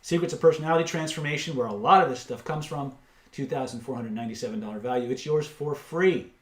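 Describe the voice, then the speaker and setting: A man hosting a live webinar, pitching course packages, reading out prices and answering chat questions with blunt asides. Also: racing, reverberant. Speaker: webinar host and seller.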